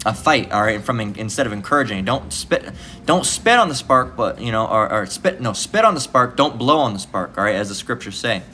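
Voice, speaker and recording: A man's voice: mid-range voice, sharp tone, a little hiss or hum. Profane, rambling man preaching scripture. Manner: rambling, profane, repeats "all right?". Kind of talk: informal scripture lesson.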